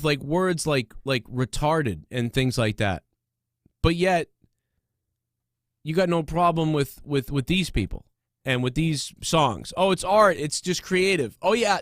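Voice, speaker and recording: A man's voice: a little high, no room sound, clean studio sound. A man hosting a comedy podcast, ranting casually with constant fillers, restarts and swearing. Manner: rambling, profane, many fillers and restarts. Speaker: podcast host.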